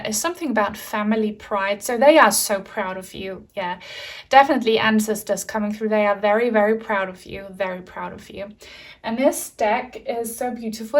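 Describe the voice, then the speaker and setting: A woman giving a pick-a-card tarot reading, speaking softly and earnestly, reassuring the viewer and getting emotional at times. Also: medium pitch, recorded from a distance. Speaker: tarot reader.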